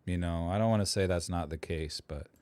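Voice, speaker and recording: A man's voice: low voice, brisk, no room sound. A man co-hosting a podcast in casual, joking chat. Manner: animated, joking, laughs often. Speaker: podcast co-host.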